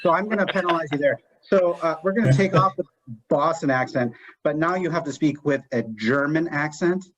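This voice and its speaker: A man hosting an improv game, giving rules with many pauses and fillers. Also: a little high, a bit bright. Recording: dull lo-fi stream audio.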